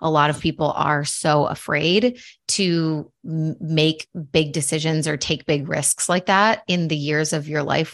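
A woman's voice: deep voice, a bit bright. A young woman hosting a podcast, chatting casually with her guest and laughing easily, with many fillers. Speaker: podcast host. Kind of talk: casual interview chat.

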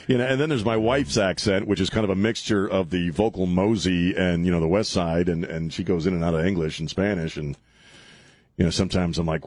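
A man's voice: low-pitched, fairly even intonation, moderate pace, a little mellow. A man hosting a talk radio show, chatting casually with many fillers and restarts. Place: radio studio. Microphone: studio microphone.

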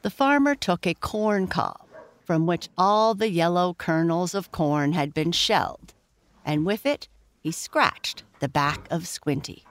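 Slow, gentle woman reading a children's story. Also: on the low side, animated, no room sound. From Canada. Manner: gentle, explanatory asides to the listener.

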